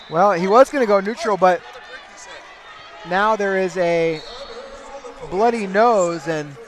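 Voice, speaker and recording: Guy doing live wrestling play-by-play, kinda high voice, gets shouty on big moves, light crowd noise behind. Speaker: play-by-play commentator. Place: tournament arena.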